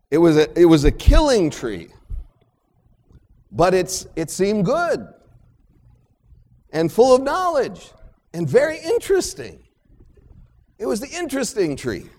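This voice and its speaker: A man preaching a sermon slowly and emphatically, repeating key phrases like a chant. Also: high-pitched, darkish tone. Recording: long hall reverb.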